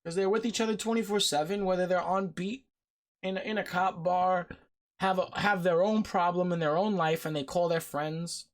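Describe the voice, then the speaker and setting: A man's voice: sits high, steady tone, moderate pace. A man hosting a podcast discussion, talking bluntly and heatedly, with frequent swearing. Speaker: podcast host. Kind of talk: casual discussion.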